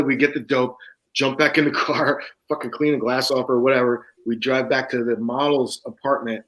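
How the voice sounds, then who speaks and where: Over a low-quality recording, a man appearing as a guest author on a casual talk show recounts something raw and personal. His voice is medium-pitched and a bit bright, and he laughs, curses freely, and imitates the people he quotes.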